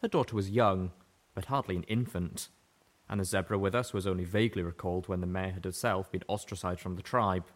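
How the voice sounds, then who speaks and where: Deep-voiced male audiobook narrator. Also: fairly quick. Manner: steady first-person reading.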